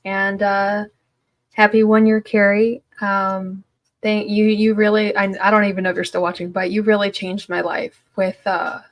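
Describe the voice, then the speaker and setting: A woman's voice: mid-range voice, level tone, normal speed. Woman, stay-at-home mom, casual live chat, rambling, lots of fillers and restarts. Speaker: stay-at-home mom sharing her story.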